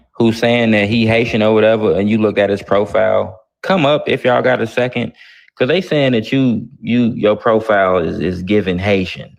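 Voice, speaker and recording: Blunt, gravelly host with a Chicago accent. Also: male voice, lowish voice. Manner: blunt, confrontational, swears freely. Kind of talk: casual live-stream talk show.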